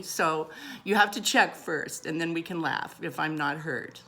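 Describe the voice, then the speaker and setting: A woman's voice: sits low, normal speed, a bit bright. A middle-aged woman telling a funny personal story in a chatty, self-deprecating way and laughing often. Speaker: vlogger.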